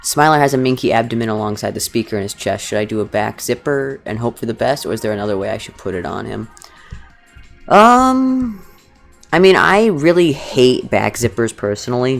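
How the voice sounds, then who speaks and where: A streamer making fursuit badges chats casually with viewers from her living room couch, rambling while she embroiders and occasionally cursing. She speaks at a normal pace in an animated, creaky bass voice, with faint background music.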